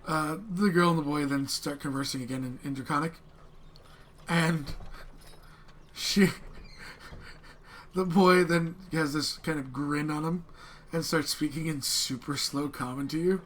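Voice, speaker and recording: A man's voice: on the high side, fairly even intonation, a bit bright, a little hiss or hum. A man running a tabletop game as game master, narrating with many fillers and restarts. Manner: halting, filler-heavy narration.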